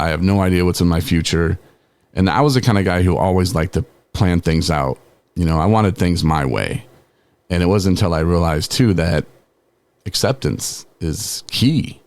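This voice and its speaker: His voice sits low with a darkish tone, recorded without echo. The speaker, a man in his forties who hosts a podcast, shares a personal story conversationally, breaking into laughs and using filler words like "man" and "you know."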